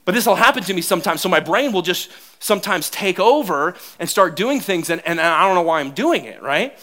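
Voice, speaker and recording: A middle-aged man preaching a sermon to his church, telling funny stories about his marriage in an animated, self-mocking way and laughing often. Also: high-pitched, fairly quick. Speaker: pastor. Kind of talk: sermon with humorous personal stories.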